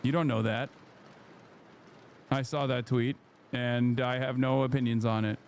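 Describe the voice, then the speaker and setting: Brief: male stream host, mid-pitched voice, dry sarcastic delivery. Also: a little slow, slight background noise. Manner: sarcastic, deadpan asides. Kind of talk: casual livestream commentary.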